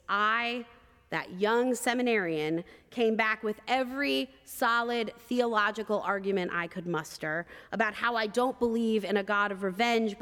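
Woman preaching a sermon, telling a story slow and expressive, slightly high voice, big reverby hall. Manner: measured, expressive storytelling with vivid detail.

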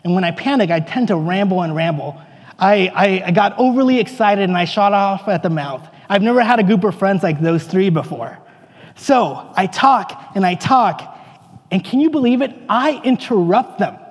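A man playing a bewildered, excitable apostle, telling his story in earnest, rambling first-person monologue. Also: sits high, normal speed, big-room sound. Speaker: actor in a church dramatic monologue.

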